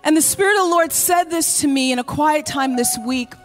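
A woman's voice: high-pitched, fairly quick, soft background music. A woman pastor preaching a sermon in a church, passionately acting out cries of prayer.

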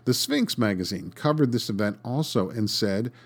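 Male podcast host, lowish voice, dry wry scripted narration. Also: expressive, normal speed. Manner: dry, wry, sarcastic asides.

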